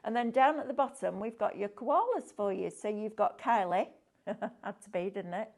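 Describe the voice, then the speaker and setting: A woman speaks at normal speed in a medium-pitched, slightly mellow voice, hosting a craft sales show. She's upbeat as she chats through live demonstrations, leaning on tag questions.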